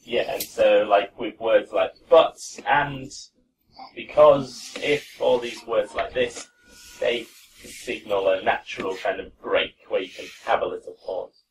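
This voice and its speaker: A man teaching pronunciation in a classroom, relaxed and encouraging with his students. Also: fairly low pitch, a little slow, slight background noise. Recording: voice from far off.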